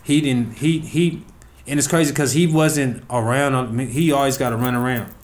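A young man, the guest, telling stories in a relaxed, rambling way with slang and plenty of fillers. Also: mid-range voice, moderate pace. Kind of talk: casual storytelling interview.

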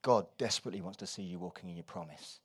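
A man preaching a sermon, moving between quiet, confiding asides and loud, urgent exhortation. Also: low-pitched, fast talker, husky. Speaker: pastor.

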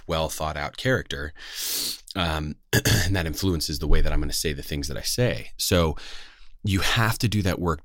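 Very deep-voiced American man, dry sound. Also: a bit bright, no echo. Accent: General American, West Coast. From West Coast of the United States. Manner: earnest, rambling, many fillers and restarts. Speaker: voice actor. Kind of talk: casual talk to camera.

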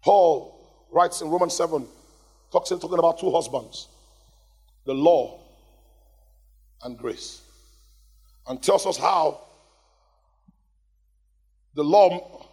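A man preaching a lively sermon in a church hall, calling out to the congregation for responses. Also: fairly high pitch, slow pace, pauses often, breathy edge. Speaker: pastor. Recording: long hall reverb.

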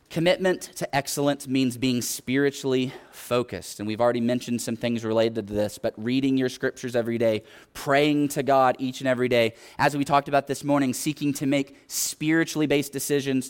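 A man's voice: medium pitch, brisk, few pauses, smooth. A man preaching a sermon in an earnest, exhorting way, often retelling scripture stories.

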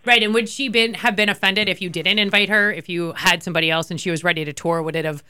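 A woman's voice: fairly low pitch, fairly even intonation, fast talker, pushed and bright, clean tone. A woman co-hosting a radio interview, asking questions in a playful, chatty way. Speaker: radio co-host.

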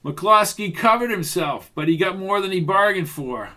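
Man voicing a firm police detective, loud, pitched up. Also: lively intonation, normal speed. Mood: stern. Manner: firm and commanding. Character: gruff middle-aged male police detective.

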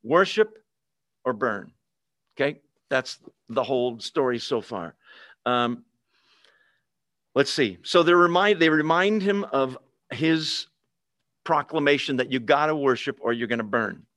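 A man's voice: mid-range voice, measured pace, pauses often, fairly bright tone, dry recording, clean studio sound. A man teaching a Bible lesson in a conversational way, often checking in with his listeners.

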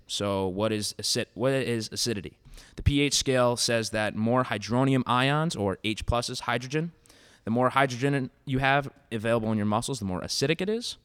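A young man co-hosting a casual podcast, an animated storyteller who acts out quotes and laughs often. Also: mid-range voice, normal speed, clean tone. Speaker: podcast co-host. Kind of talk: casual chat.

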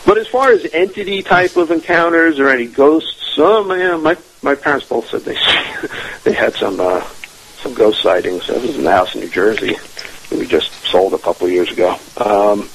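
A man's voice: mid-range voice, lively intonation, normal speed, fairly bright tone, slight background noise, low-quality recording. A man telling a family ghost story as a radio interview guest, rambling with many restarts and fillers.

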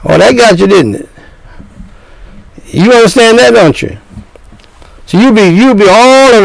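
A man's voice: very high voice, normal speed, vocal fry, long pauses, fairly bright tone, no room sound, low-quality recording. An older man preaching a sermon, scolding his listeners with repeated points and rhetorical questions.

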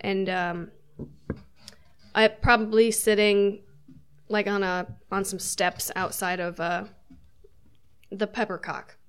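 A woman playing a fighter in a tabletop game, hesitant and often quiet. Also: medium pitch, fairly even intonation, slow, pauses often, smooth. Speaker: player voicing a fighter. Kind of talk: tabletop role-play in character.

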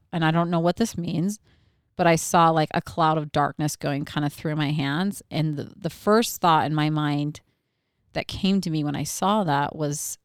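A woman's voice: low-pitched, clear, resonant tone, dry recording, studio quality. A young woman co-hosting a casual podcast chat, telling a story with lots of fillers and frequent laughter. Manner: animated storyteller, laughs often, many fillers. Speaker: podcast co-host.

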